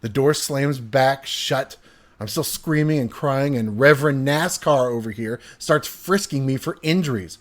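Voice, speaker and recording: Reading a friend's funny childhood story aloud, a man uses an animated, hyperbolic delivery that swings from hushed to loud. His voice sits in the mid-range and moves a little slowly.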